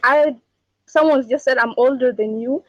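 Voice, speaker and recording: A woman's voice: high-pitched, normal speed, crowd noise. A woman calling into a debate, hesitant and defensive, heard over dull call audio. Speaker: caller.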